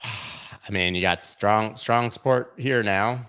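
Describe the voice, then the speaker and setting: A man with a lowish voice hosts a livestream, talking through market charts in a loose, profane way. He mocks trolls and jokes as he goes. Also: slow pace, a bit bright, clean tone. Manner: irreverent, profane, mocking. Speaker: crypto livestream host. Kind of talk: casual livestream chart commentary.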